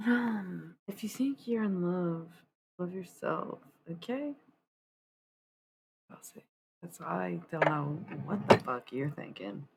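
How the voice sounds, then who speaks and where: A woman chats loosely on a live stream, rambling and swearing as her volume swings from loud to hushed. Her voice sits low with a gravelly edge. A faint hiss runs under the recording. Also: expressive, slow. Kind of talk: casual live-stream chat.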